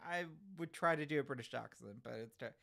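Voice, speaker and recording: A man hosting a casual livestream, answering chat comments in an animated, giggly way. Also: mid-range voice, quick pace, creaky. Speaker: livestream host reading chat.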